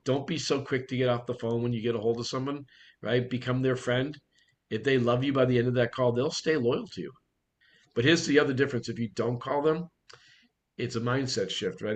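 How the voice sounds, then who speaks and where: Brief: middle-aged Boston man, real estate coach, blunt and direct, mid-pitched, hammers points home. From Boston area. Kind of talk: online coaching talk.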